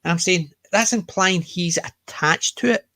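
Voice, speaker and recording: A man with a Scottish accent, co-hosting a casual podcast chat and retelling scenes with lively energy. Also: high voice, unhurried, no echo. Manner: chatty, animated retellings of scenes. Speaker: podcast co-host.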